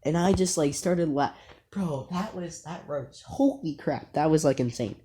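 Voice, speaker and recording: A man's voice: on the high side, a little slow, mellow, slightly rough. Young male vlogger, casual storyteller, rambling, filler-heavy, amused. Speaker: YouTuber.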